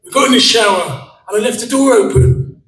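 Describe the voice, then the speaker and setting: At a press conference, a fighter's father tells jokey stories animatedly, acting out what others said, in a very high, expressive, fairly bright voice. He speaks briskly, and the audio has slight hiss or hum, picked up from far off in an echoey room with faint ambience.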